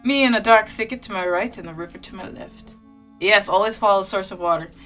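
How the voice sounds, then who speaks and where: A woman's voice: medium pitch, fast talker, fairly bright tone, faint music behind. A woman streamer reading a story game's narration aloud, breaking off into chatty reactions. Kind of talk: reading a visual novel aloud with casual asides.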